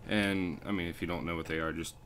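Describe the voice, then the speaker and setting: Low-voiced man, ranting and profane. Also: fairly even intonation, quick pace, noisy background. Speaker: landscaping crew leader. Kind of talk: casual storytelling over gameplay.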